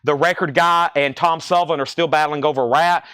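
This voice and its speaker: A man hosting a live vinyl sale stream, a bit out of breath as he rattles off names and prices. His voice sits on the higher side, and the sound is dry and close with little room echo. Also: fairly even intonation, sharp tone, clear, resonant tone. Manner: brisk, reads off names and prices. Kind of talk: live-stream sales patter.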